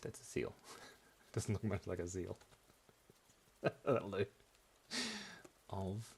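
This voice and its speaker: A man's voice: deep voice, lively intonation, slow, long pauses, slightly rough. A man hosting a live drawing class for kids, talking playfully while he draws and making goofy wordplay.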